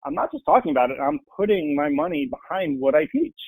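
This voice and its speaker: A man's voice: fairly high pitch, sing-song, fast, darkish tone, husky, dry recording, low-quality recording. A man in a casual interview, talking bluntly and with passion about his own trading. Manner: blunt, passionate, mimics people in quotes. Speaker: podcast guest, full-time trader.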